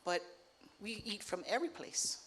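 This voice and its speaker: Middle-aged woman from Hawaii, panel speaker, relaxed, with lots of ums and you-knows. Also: mid-range voice, moderate pace, slightly rough. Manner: relaxed, thinking aloud with many fillers. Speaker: artist and professor, panel speaker. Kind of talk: panel conversation.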